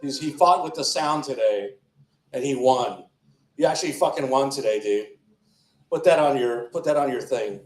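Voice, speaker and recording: Performing at an open mic, this comedian speaks at a normal speed in a medium-pitched voice with lively intonation. His material is crude and meandering, often cut off mid-thought, and the club room echoes around him.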